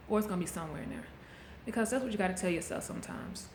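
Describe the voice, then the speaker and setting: A woman's voice: medium pitch, expressive, very fast, a little mellow, a little hiss or hum. A middle-aged woman talking candidly into a handheld camera, coaching viewers in a casual motivational vlog. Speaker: vlogger. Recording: echoey room, faint background ambience.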